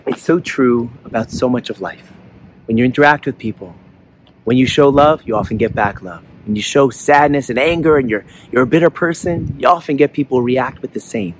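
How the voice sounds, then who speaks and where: A man's voice: medium pitch, normal speed, a little hiss or hum. A man hosting an inspirational talk outdoors, telling a story in an earnest way and acting out the voices in it. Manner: earnest storyteller who acts out voices in the tale. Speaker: host of an inspirational talk show.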